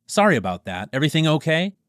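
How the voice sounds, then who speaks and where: A man voicing a brisk, polite dentist calling out in an audiobook. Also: fairly high pitch, very animated, fairly bright tone, dry recording, studio quality, pitched above the performer's own voice.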